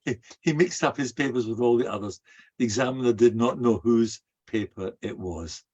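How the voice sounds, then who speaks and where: A man's voice: mid-range voice, normal speed, darkish tone, slightly rough. A man, a rabbi, delivering a sermon full of stories, a folksy storyteller who weaves in Hebrew and Yiddish terms. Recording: dull, muffled lo-fi recording.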